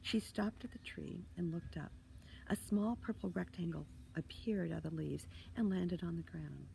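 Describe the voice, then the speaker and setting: A woman author reading a children's chapter book aloud, expressive with hushed asides. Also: lowish voice, normal speed, creaky, a little hiss or hum, poor audio. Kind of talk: storybook reading.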